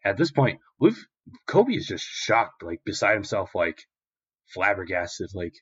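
A man's voice: fairly low pitch, very animated, unhurried, a bit bright, husky. A man co-hosting a podcast, recapping an episode in a rambling, filler-heavy, profane way. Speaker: podcast co-host. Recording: dull lo-fi recording.

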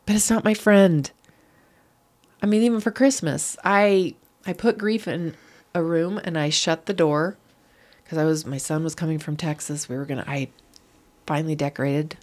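A middle-aged woman, a podcast guest, telling a painful personal story in an earnest, animated way. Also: sits low. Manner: earnest, animated, acts out quoted voices.

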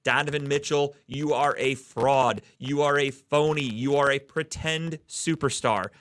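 A man from the Cleveland area rants about sports on a casual podcast, swearing freely as he vents his anger. His voice sits at a middle pitch. The recording is close and dry, with no room sound. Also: steady tone, measured pace, a bit bright, no room sound. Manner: profane, heated ranting. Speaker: podcast host.

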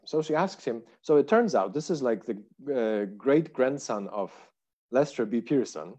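A middle-aged man with a Polish accent tells long, meandering stories as an interview guest, stopping and restarting with many "uh"s and "um"s. His voice is dark and mellow. The recording sounds a little dull. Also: mid-range voice, lively intonation, moderate pace. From Poland. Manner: rambling, many fillers and restarts. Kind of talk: casual interview storytelling.

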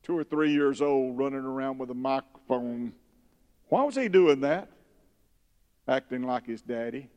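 A man preaching a sermon, reading scripture and breaking into loud emphatic bursts. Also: mid-range voice, measured pace, pauses often, highs cut off. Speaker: pastor. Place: church sanctuary. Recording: long hall reverb.

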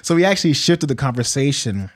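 A man's voice: medium pitch, big pitch swings. A man in his thirties in casual conversation, stopping and restarting as he tells stories about his kids. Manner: halting, restarts, acts out dialogue with his kids. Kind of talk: casual chat.

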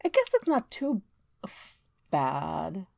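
A woman co-hosting a podcast with dry, teasing remarks. She speaks slowly in a fairly low voice whose pitch swings widely. Her tone stays relaxed and conversational. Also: vocal fry, no echo. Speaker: podcast co-host. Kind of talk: casual chat.

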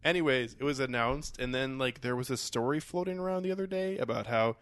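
A man's voice: mid-range voice, brisk, a bit bright, clean tone, no echo. A young man hosting a podcast, chatting loosely about movies and swearing casually. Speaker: podcast host. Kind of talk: casual chat.

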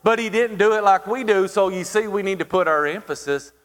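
A man preaching a sermon, asking the congregation questions and pausing for emphasis. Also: sits high, fairly bright tone. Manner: preaching with rhetorical questions and dramatic pauses. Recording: hall reverb.

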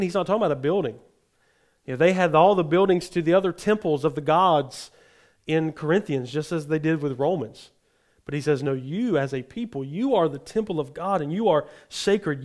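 A man preaching a sermon, reading Bible passages aloud and explaining them to his congregation. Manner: reads scripture aloud, then explains it plainly; acts out the tone of the quoted verses, rising in pitch. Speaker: pastor.

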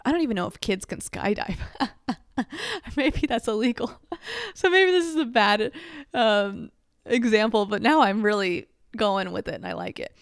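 A woman talks through advice in a casual, rambling way, dropping fillers and poking fun at herself. Her voice is smooth and clear, recorded close and dry with no room sound. Her pitch sits in a middle range for a woman. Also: no echo. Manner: chatty, filler-heavy, self-mocking. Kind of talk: casual advice chat to camera.

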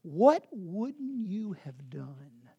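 Husky, warm-voiced woman preacher. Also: medium pitch, very animated, drawn-out words, dull audio. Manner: storytelling, swinging from loud to hushed whispers. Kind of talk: sermon.

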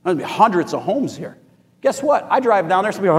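Brief: high-voiced male pastor, lively, calls for amens, church reverb. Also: fairly quick. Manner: animated, rising to shouts, asking the congregation for amens. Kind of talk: sermon.

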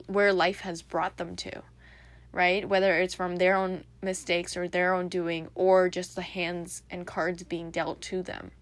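A woman's voice: lowish voice, no room sound. A young adult woman hosting a casual solo podcast, rambling and reflective with lots of fillers. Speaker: podcast host.

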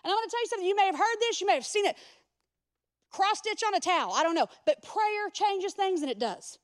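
A woman's voice: extremely high pitch, very animated, very fast. A woman pastor giving a sermon in a casual, conversational way, speaking straight to the congregation with humorous asides. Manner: addresses the congregation directly.

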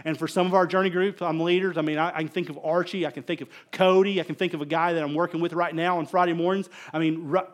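A middle-aged man preaching a conversational sermon as pastor, telling stories animatedly and swinging between loud emphasis and quiet asides. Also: fairly high pitch, fairly even intonation, fast talker, hardly any pauses.

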